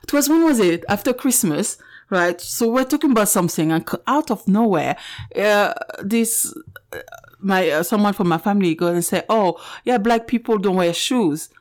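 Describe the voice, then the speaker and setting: A woman from France in her forties, speaking English with a French accent as a podcast guest, frank and animated. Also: medium pitch, moderate pace. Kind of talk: candid podcast conversation.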